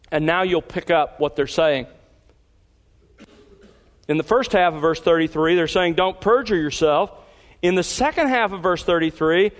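A man's voice: a little high, in a large hall. A man preaching an expository sermon, reading scripture aloud and pressing key points with emphatic rises. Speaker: pastor.

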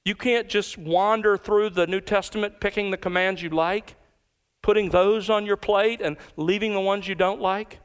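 A pastor preaching an emphatic expository sermon, slowing down to stress key words. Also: male voice, sits high, fairly even intonation, clear, resonant tone.

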